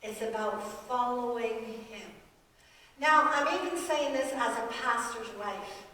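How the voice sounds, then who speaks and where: A feisty, animated woman in her sixties, a pastor's wife giving a guest sermon in a church, often laughing as she talks. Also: a little high, unhurried, a little hiss or hum. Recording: echoey hall, mic from far off.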